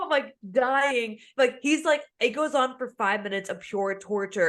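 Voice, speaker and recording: A young podcast co-host with a fairly high pitch and measured pace tells a lively story in casual talk. She acts out voices and laughs often as she goes.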